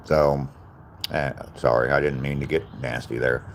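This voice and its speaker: A man's voice: a bass voice, fairly even intonation, normal speed, slight background noise. An older man from the South, chatting plainly with viewers on a live stream. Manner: plain-spoken, answers viewer comments directly. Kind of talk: casual live-stream chat.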